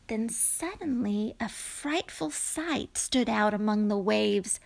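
A woman reading a rhyming children's story aloud in a gentle voice that drops to whispers. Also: medium pitch, lively intonation, slow, gravelly, few pauses.

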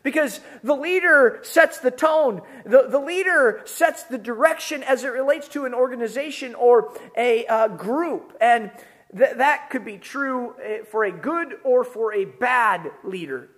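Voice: medium pitch, unhurried, fairly bright tone. A pastor preaching a sermon in an earnest, emphatic, conversational way.

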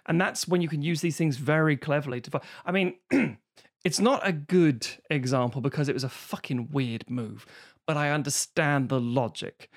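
A man's voice: fairly high pitch, normal speed. A man chatting casually as a podcast co-host, rambling and swearing freely. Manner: rambling, swears freely, slips into mock voices. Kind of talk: casual chat.

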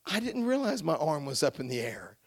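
A middle-aged man preaching a revival testimony sermon, telling his story quietly, then shouting and crying out in praise. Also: a little high, sing-song, a little fast, vocal fry. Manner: drops to quiet storytelling between outbursts.

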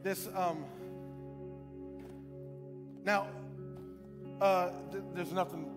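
Speaking extremely slowly in a high, steady voice, a male pastor delivers an emphatic, repetitive church sermon full of rhetorical questions. Music plays beneath him, and a large hall's long reverb surrounds the sound.

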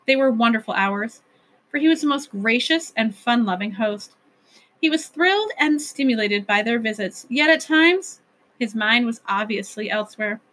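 A woman reading a children's novel aloud as narrator, with gentle, expressive storytelling. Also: a little high, normal speed.

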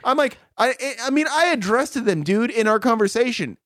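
A man's voice: very high voice, fairly quick, few pauses, a bit bright, no echo. A young man co-hosting a podcast, telling rambling stories in casual chat, swearing often, with a close microphone. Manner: profane, rambling storytelling with laughs.

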